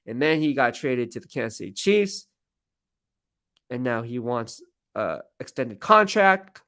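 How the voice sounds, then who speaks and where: A man's voice: medium pitch, big pitch swings, a little slow, pushed and bright, no room sound, studio quality. Rambling man hosting a live Q&A. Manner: rambling, self-deprecating storyteller. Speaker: sports team reporter. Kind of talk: casual live-stream Q&A. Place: media workroom at team headquarters.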